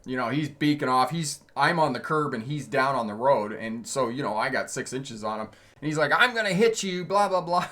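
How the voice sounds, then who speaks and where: A man's voice: mid-range voice, fairly even intonation, moderate pace, a bit bright. A man hosting a driving channel, telling road stories in a casual livestream and answering viewers' comments, laughing often as he talks. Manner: chatty, laughs often mid-sentence. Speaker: driving instructor and channel host.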